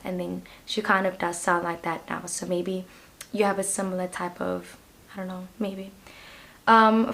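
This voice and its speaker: A young woman talks straight to the viewer through a pick-a-card tarot reading. Her delivery is loose and chatty, full of ums and likes. She often pauses and hedges to find her words. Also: medium pitch, creaky. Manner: chatty, hesitant, full of fillers. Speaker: tarot reader.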